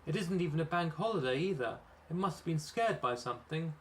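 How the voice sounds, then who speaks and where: A posh male truck driver, over-polite and full of apologies, speaking a little higher and louder , as a man puts him on. His speech has an upper-class ring in a comic storybook reading. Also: unhurried, a little hiss or hum. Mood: apologetic.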